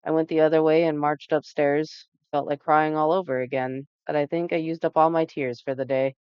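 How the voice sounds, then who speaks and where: Woman narrator for a let's play, lowish voice, slightly dull lo-fi sound. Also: level tone, a little fast, smooth, no room sound. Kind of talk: reading a story game aloud.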